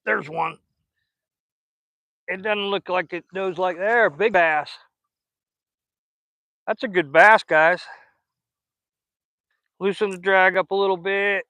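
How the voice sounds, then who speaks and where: A man's voice: high-pitched, extremely slow, long pauses, sharp tone, no room sound. A man, chatting folksy and casual while fishing outdoors on a riverbank and recording on a phone, sweet-talking the fish he catches. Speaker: fishing vlogger.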